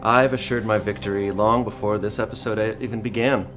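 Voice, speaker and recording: Smug quiet deadpan man. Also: fairly low pitch, a little fast. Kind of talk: scripted comedy monologue. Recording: music playing behind.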